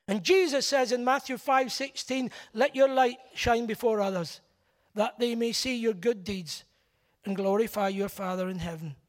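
A man's voice: very high-pitched, normal speed. A middle-aged man preaching a sermon, blunt and emphatic, hammering points home by repeating key words.

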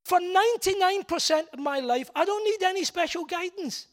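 A man's voice: very high-pitched, lively intonation, moderate pace. A middle-aged man preaching a sermon, blunt and emphatic, hammering points home by repeating key words.

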